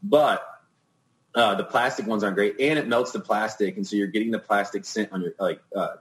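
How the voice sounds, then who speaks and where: A man's voice: fairly low pitch, fairly quick, fairly bright tone, poor audio. A man co-hosting a podcast, rambling in casual chat with many ums and restarts. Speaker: podcast co-host.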